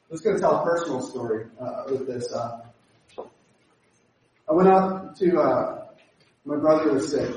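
A man preaching a sermon, animated and acting out the voices he quotes. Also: medium pitch, a little hiss or hum. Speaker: pastor. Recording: echoey hall from far off.

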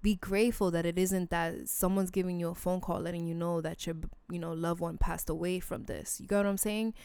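A woman with a low, gravelly voice talks straight to her listeners in a solo podcast episode. She is blunt and earnest, casual with some swearing, and deeply sincere. The sound is smooth and dry. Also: fairly even intonation, a little fast, a little mellow, no echo. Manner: emotional, sincere appeals to listeners. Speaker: podcast host. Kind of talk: heartfelt solo podcast talk.

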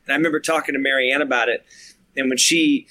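A man's voice: medium pitch, fairly even intonation, fast talker, pushed and bright. A man who is a filmmaker, a guest on a podcast, eagerly telling behind-the-scenes stories and acting out the quotes. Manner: eager storyteller who acts out quoted talk. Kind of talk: casual interview chat.

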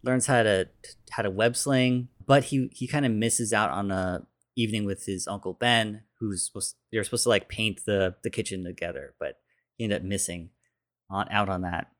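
A man casually retelling a film's plot in a loose, rambling way, full of fillers, briefly putting on quick voices for the characters. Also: on the low side. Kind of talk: casual movie plot recap.

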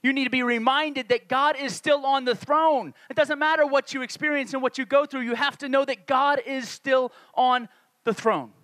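A man's voice: extremely high pitch, steady tone, moderate pace, fairly bright tone, dry recording. A male pastor preaching a conversational sermon, acting out the voices of the people he quotes.

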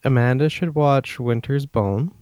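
A man's voice: mid-range voice, measured pace, darkish tone, no room sound. Earnest man chiming in. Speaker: intern. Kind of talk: casual movie chat.

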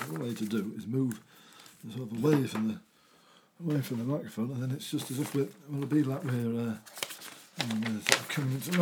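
A man's voice: mid-range voice, dark tone, slight background noise. A man hosting a comedy show, rambling and interrupting himself as he improvises a cheery children's story. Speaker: host.

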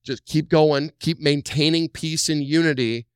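A man preaching a sermon as a pastor, animated, acting out the voices of church members. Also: on the high side, measured pace, clear, resonant tone, dry recording, studio quality.

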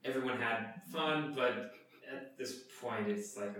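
A man's voice: medium pitch, slow, a bit bright. Man, game master, rambling narration, echoey room, faint noise. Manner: loose, rambling narration with fillers. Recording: echoey room, mic far off.

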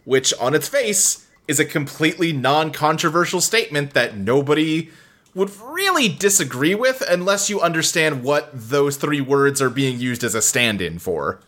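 Bright-voiced animated man hosting a podcast. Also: fairly high pitch, normal speed. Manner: animated, filler-heavy, frequent restarts. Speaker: podcast host. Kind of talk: casual podcast chat.

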